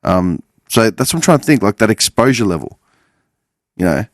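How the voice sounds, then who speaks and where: Rambling man, swearing, low voice. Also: big pitch swings, moderate pace, dry recording, studio quality. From Australia. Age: 40s. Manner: meandering, swears freely, self-correcting. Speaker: podcast host. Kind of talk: casual rambling monologue.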